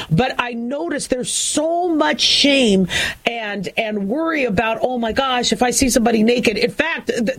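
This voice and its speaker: A woman's voice: a little high, low-quality recording. A middle-aged woman hosting a talk show, speaking frankly and chattily with many restarts and asides. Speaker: talk show host, doctor. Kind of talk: casual talk radio monologue.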